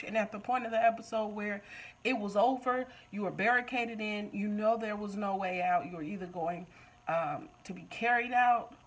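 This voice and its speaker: A woman's voice: mid-range voice, rough recording. A woman recapping a TV episode in a casual, joking way, talking back to the show. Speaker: TV recap vlogger.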